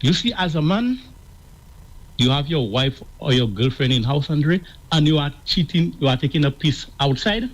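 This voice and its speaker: A man's voice: fairly high pitch, animated, moderate pace, low-quality recording. A man calling a radio show, giving advice in an insistent, repetitive way. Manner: repetitive, insistent, keeps saying the host's name. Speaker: caller.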